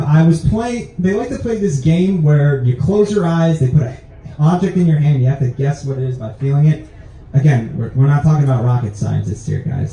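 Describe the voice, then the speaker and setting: A young man works through a stand-up set on a club stage. His voice sits a little high but sounds mellow, and he springs into squeaky put-on voices for his punchlines. The room rings with a heavy echo, and the mic is set back from him. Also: recorded from a distance. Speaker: stand-up comedian.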